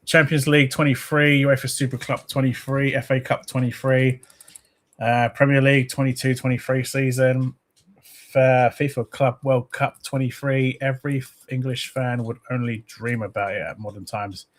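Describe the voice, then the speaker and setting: A man's voice: mid-range voice, little pitch movement, moderate pace. Rambling man hosting a football stream. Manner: rambling, reads viewer comments aloud. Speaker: host of a football fan channel. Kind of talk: casual live-stream chat.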